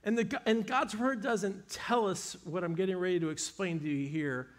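A man preaching a sermon, retelling scripture with animated, emphatic storytelling. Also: sits high, moderate pace.

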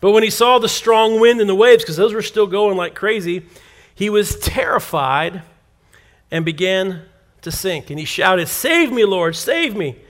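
A man preaching a sermon, telling a story in an animated way and acting out the quoted lines. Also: high voice, measured pace. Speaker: pastor.

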